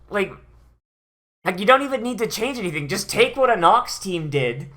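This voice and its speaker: Brief: bright-toned anime reviewer, profane, fed up, heavy sighs. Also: mid-range voice, very animated, normal speed. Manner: profane, exasperated, sighing. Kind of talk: ranting watch-along commentary.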